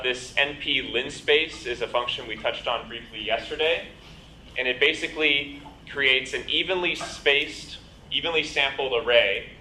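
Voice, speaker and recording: A man lecturing a programming bootcamp, walking through code on the fly. His voice is bright and forward, his delivery chatty and full of ums. The recording carries the echo of a lecture room and a faint hiss underneath. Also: medium pitch. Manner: explains with many ums and you-knows, asks "right?". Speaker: bootcamp instructor. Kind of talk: live lecture with coding demo. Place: lecture hall.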